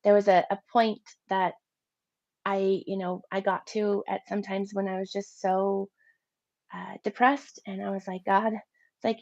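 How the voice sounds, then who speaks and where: Woman in her thirties, gravelly edge, animated personal testimony, dry dull lo-fi sound. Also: medium pitch, measured pace, dry recording. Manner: animated storytelling, voicing her own past thoughts. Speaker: interview guest.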